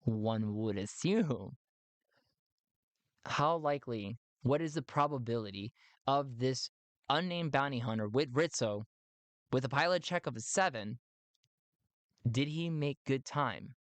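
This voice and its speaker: A man's voice: mid-range voice, expressive, unhurried, fairly bright tone, dry recording. A man narrating a solo tabletop game in a playful, rambling way, with many fillers.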